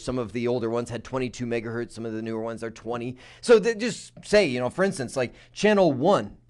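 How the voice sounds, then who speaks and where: A man teaching a technical course in a conversational, animated way, often checking in with "right?" and acting out his examples. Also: mid-range voice. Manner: animated, acts out examples in voices; conversational, uses "right?" and "you know". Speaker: instructor. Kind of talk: technical lecture.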